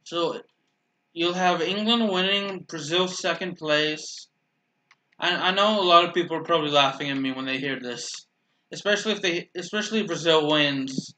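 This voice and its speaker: Bright-voiced young man rambling over gameplay. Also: fairly high pitch, normal speed, a little hiss or hum. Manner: rambling, self-correcting, dryly sarcastic. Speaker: gaming channel host. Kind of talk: casual gameplay commentary.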